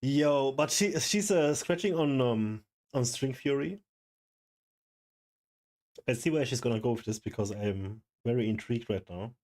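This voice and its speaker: A young man streaming live, overwhelmed and excited, talking in loose slang and swearing. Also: mid-range voice, measured pace. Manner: excited, stunned, swearing, calls everyone bro. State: overwhelmed, shaking. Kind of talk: live stream reaction chat.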